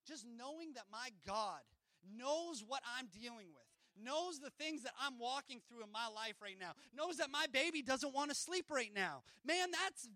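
High, bright-voiced impassioned young preacher man. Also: no echo. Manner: impassioned, building to shouts; casual asides between scripture reading. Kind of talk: sermon.

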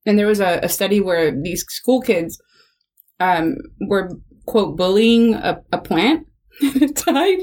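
A woman's voice: mid-range voice, animated, slow pace, darkish tone. A woman co-hosting a podcast in a small studio, chatting casually and telling stories that drift into tangents, often laughing as she talks. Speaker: podcast co-host. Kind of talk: casual chat.

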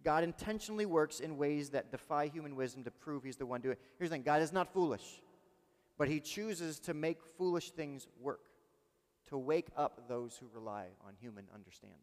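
A male pastor preaching a sermon in a lively, conversational way, asking the congregation questions. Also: fairly high pitch, normal speed, long reverb tail.

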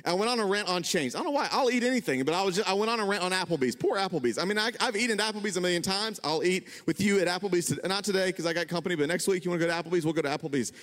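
A young adult man preaching a sermon in a church, telling funny stories about himself with lively swings in his voice. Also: very fast, hardly any pauses. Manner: animated, self-deprecating, jumps in pitch when excited. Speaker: pastor. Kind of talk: sermon with storytelling. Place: church sanctuary. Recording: long hall reverb.

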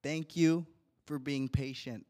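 A young man in church reading a heartfelt tribute to his wife from his notes, earnest and deliberate. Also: medium pitch, fairly even intonation, darkish tone. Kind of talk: read tribute speech in church.

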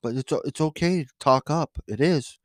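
A man co-hosting a casual sports podcast, ranting with animated outbursts. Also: fairly high pitch, normal speed, dry recording, studio quality. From Detroit area. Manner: animated, ranting, bursts into shouting. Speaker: podcast co-host.

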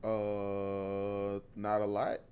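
Very low-voiced woman co-host, dry and wry. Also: very slow, clear, resonant tone. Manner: dry, wry asides and steady back-channel responses. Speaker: podcast co-host. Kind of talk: casual sports chat.

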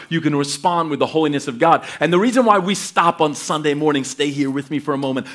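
A middle-aged pastor preaching, reading scripture and telling lively personal stories, acting out voices and laughing as he goes. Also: fairly high pitch. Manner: animated storytelling, acts out voices, laughs often.

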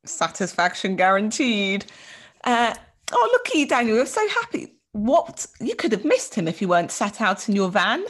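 A woman's voice: mid-range voice, huge pitch swings, moderate pace. A young woman co-hosting a podcast, chatting in a bubbly way with lots of exclamations. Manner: bubbly, exclamatory, laughs easily. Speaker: podcast co-host. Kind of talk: casual chat.

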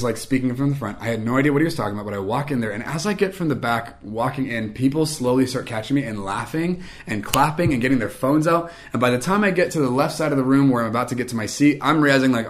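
A young man telling a personal story in a casual, chatty way, with lots of fillers and self-mocking humor. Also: medium pitch.

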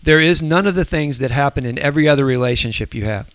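A man's voice: mid-range voice, quick pace, a bit bright, clear, resonant tone, dry recording, poor audio. A man co-hosting a casual faith discussion, thinking aloud and explaining his points with everyday examples. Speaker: podcast co-host.

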